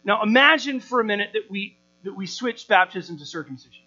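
A pastor in his thirties delivers a sermon with a bright, forceful voice, animated and full of rhetorical questions and repeated words. The recording is dull and lo-fi, with a mains hum underneath. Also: high-pitched, a little fast.

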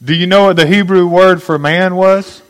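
A man's voice: high-pitched, fairly even intonation, moderate pace, low-quality recording. A man preaching a sermon, teaching step by step and asking his listeners questions. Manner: teaching, asks the audience questions. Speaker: pastor.

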